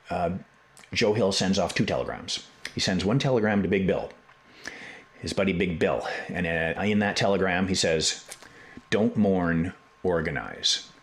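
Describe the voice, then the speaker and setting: A man hosting a podcast, telling a history story in a casual, animated way with profane jokes and digressions. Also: low voice. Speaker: podcast host.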